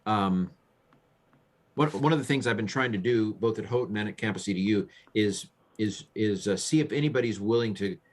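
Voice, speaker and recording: A man's voice: on the low side, moderate pace. A man who is a guest professor on a podcast, speaking over a video call, hesitant with many ums and repeated words.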